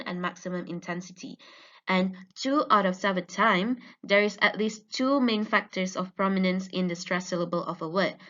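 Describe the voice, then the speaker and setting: A woman student giving an academic presentation on her research, explaining slowly with frequent ums. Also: mid-range voice, a bit bright. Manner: measured, explanatory with fillers. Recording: dull lo-fi recording.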